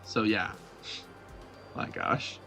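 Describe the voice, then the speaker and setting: Drawing out his words in a bright, forceful voice, a young man plays a game live with faint music in the background. He's playful, talks directly to chat, and mocks his own mistakes.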